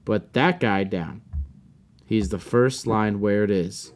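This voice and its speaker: A man's voice: fairly low pitch, takes it slowly. A man hosting a casual podcast, ranting with lots of swearing. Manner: profane, animated ranting. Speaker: podcast host. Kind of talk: casual chat.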